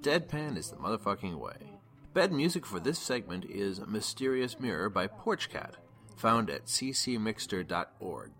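A man hosting a podcast, slowly and deliberately reading out song lyrics for a quiz. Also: on the low side, sing-song, a bit bright. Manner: drawn-out, measured recitation of lyrics. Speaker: podcast host.

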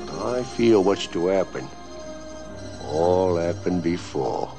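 A man slowly intones a moody intro, letting his pitch rise and fall widely. Music plays clearly beneath his voice. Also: expressive. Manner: slow, drawn-out theatrical delivery. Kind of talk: sung-spoken intro over music. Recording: over music.

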